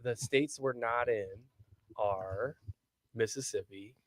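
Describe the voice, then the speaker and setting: A man appearing as a company guest on a podcast, answering casually with frequent pauses and ums. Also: mid-range voice. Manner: easygoing, hesitant with many ums. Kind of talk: casual interview chat.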